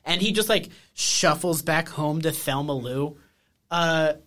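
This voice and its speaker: A woman's voice: sits low, a little slow, fairly bright tone. A woman co-hosting a podcast, riffing in casual chat with exasperated, profane humor. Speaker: podcast co-host.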